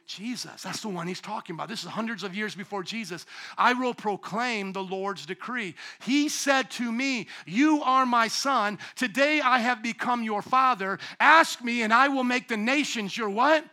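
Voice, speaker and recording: A middle-aged pastor delivering a sermon in a strikingly high voice. His tone is bright and piercing. He moves between quiet, low passages and loud, shouting peaks. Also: moderate pace. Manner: dynamic preaching, swinging from hushed to shouting.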